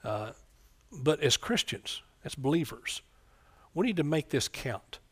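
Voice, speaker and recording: Preaching a sermon, a middle-aged man speaks in a voice slightly higher than most men's, sing-song, unhurried, and husky. He's fervent and calls often for amens. His delivery dips into quiet asides before rising into loud outbursts.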